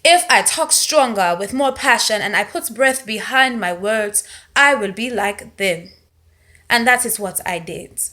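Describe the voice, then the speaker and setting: A woman's voice: medium pitch, measured pace, bright, forceful tone, echoey room. A woman from Alabama reviewing a film in a casual vlog, playfully talking in a strong put-on accent and stretching her phrases for emphasis. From Montgomery, Alabama, United States. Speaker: movie reviewer.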